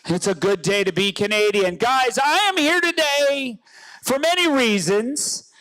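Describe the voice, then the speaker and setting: A comedian from rural Newfoundland doing loud, joking stand-up banter at an outdoor rally, often shouting to the crowd. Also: male voice, very high voice, expressive, measured pace, dry recording, poor audio.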